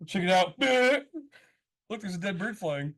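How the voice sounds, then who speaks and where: A male podcast co-host in loud, joking, casual chat, swearing freely. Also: high voice, animated, a little slow.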